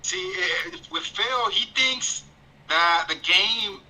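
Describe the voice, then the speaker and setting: A man's voice: high-pitched, animated, takes it slowly, pushed and bright, poor audio. A man calling in to a livestream, speaking bluntly and agreeably. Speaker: caller. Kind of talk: casual call-in chat.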